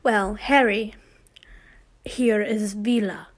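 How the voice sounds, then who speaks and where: A man's voice: high voice, steady tone, slow pace. A young woman voicing a curt old male headmaster wizard in an odd made-up accent while reading fan fiction aloud. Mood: brusque.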